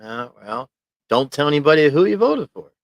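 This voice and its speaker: Chuckling and rambling, a man reads viewer comments aloud on a casual livestream from his small home office studio, using a desk mic. His slightly high voice is very animated at a normal pace. The recording is dry and the audio sounds dull.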